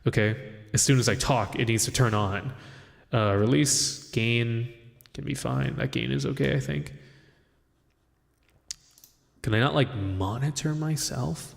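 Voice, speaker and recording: A man's voice: medium pitch, lively intonation, a little slow, gravelly, pauses often. A young man streaming live, chatting casually and rambling to himself as he tweaks his mic settings. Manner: rambling, talks to himself while adjusting audio settings. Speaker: livestreamer. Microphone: studio mic with compressor.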